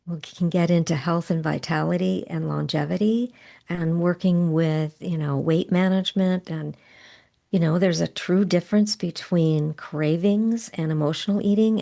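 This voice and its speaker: A middle-aged woman leads a guided tapping session as a coach, speaking gently and without hurry. Her voice sits fairly low with a gravelly, fry-tinged edge and a mellow, dark tone. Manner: gentle, unhurried guidance with soft pauses.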